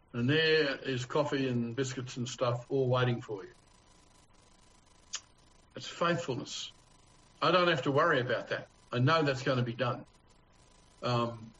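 A man with an Australian accent and a medium, slightly bright voice preaches a conversational sermon as a pastor. He sounds earnest and homely, posing rhetorical questions to his congregation. The sound is dull and lo-fi.

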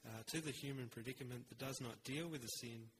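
A man preaching a sermon in an earnest, measured way, with rhetorical pauses. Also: medium pitch, fairly bright tone, slight background noise, low-quality recording.

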